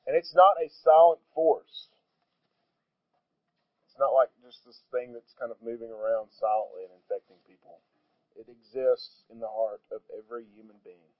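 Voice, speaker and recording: Man pastor preaching, earnest, gets quiet on the heavy bits, thin phone-ish sound, dead dry. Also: mid-range voice, dry recording, narrow, tinny audio. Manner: earnest, builds emphasis then drops to quiet. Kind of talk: sermon with scripture reading.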